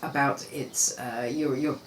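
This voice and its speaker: A woman's voice: extremely low pitch, fairly even intonation, a little slow. A woman hosting a comedy podcast, giving feedback in a thoughtful, hesitant way with frequent ums. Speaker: podcast host, comedy coach. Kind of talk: casual feedback chat. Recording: echoey room recording from far off, with faint noise.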